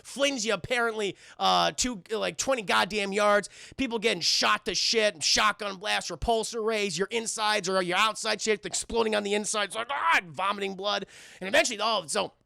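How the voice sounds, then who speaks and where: A man with a New York accent giving a rapid, profane, animated film recap to his livestream chat. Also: high voice, gravelly, dry recording, studio quality. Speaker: film review streamer.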